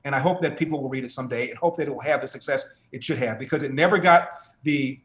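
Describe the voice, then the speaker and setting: A man being interviewed as a guest author, telling a family story in an animated, emphatic way that builds through repetition. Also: mid-range voice, quick pace, echoey room.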